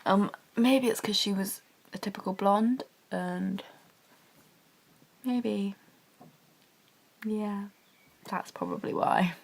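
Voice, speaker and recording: A young woman gushing about a TV drama in a rambling, chatty fan vlog, talking quietly from her bedroom. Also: mid-range voice, slow, vocal fry, pauses often, slightly rough. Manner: speaking quietly. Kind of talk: casual TV review vlog. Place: bedroom at home.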